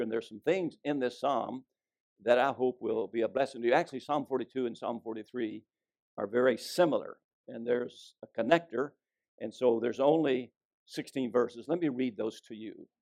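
A man's voice: medium pitch, vocal fry, darkish tone. A middle-aged man, a pastor, preaching a sermon in a folksy storytelling way and reading scripture aloud. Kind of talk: sermon with jokes.

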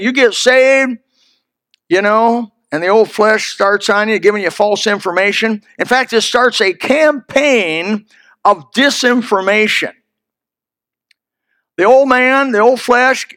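A man's voice: high-pitched, a bit bright, no room sound. A man preaching a sermon in a folksy, emphatic way, speaking straight to his listeners.

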